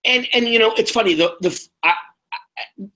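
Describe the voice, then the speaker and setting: A man in his sixties co-hosting a podcast in casual chat, musing and opinionated with drawn-out phrasing. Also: sits high, pushed and bright. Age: 60s. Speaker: podcast co-host.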